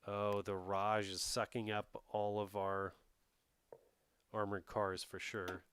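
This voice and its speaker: A man's voice: fairly low pitch, flat delivery, slow, fairly bright tone, clean tone, dry recording. A man streaming a strategy game, thinking aloud and chatting with his viewers in a casual way. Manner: thinks aloud, talks to chat. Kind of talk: casual live-stream commentary while playing a strategy game.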